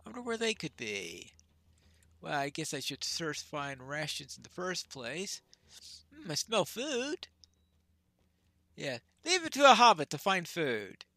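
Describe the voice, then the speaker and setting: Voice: mid-range voice, big pitch swings, measured pace, long pauses, bright, forceful tone, no echo. A game player giving chatty commentary over a fantasy game, laughing at stumbles over hard names. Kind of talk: let's play commentary.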